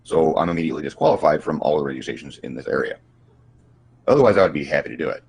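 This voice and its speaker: A man with a very deep, husky voice speaks in a relaxed call chat. He has a slight stutter and often restarts his sentences. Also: rapid-fire. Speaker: guest. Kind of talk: casual livestream chat.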